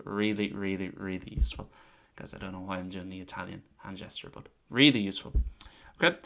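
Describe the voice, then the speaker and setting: A man with a lowish voice teaches grammar in a chatty, relaxed way. He walks through examples and slows down to repeat key phrases. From Ireland. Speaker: Irish language teacher. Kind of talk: casual online lesson.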